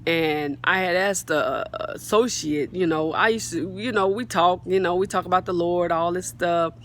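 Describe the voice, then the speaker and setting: A woman's voice: fairly low pitch, moderate pace, a little hiss or hum. A woman on a swing outdoors, giving a casual spoken faith testimony into a phone, fervent and repetitive, often calling out to her viewers. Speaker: faith vlogger sharing a testimony. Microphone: phone mic, sometimes partly covered.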